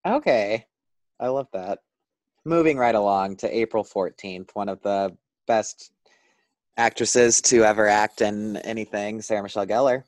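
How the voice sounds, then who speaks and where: A man co-hosting a podcast in casual chat, delivering things enthusiastically with quick asides. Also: on the low side. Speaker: podcast co-host.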